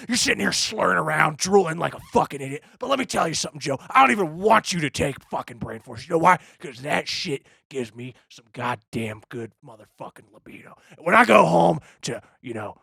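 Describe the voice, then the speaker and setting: A man plays a furious male conspiracy ranter crashing a parody debate, bellowing a profane tirade. His gravelly, raspy voice is harsh and pushed high. Dry, close sound. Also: sharp tone, no echo, full character voice.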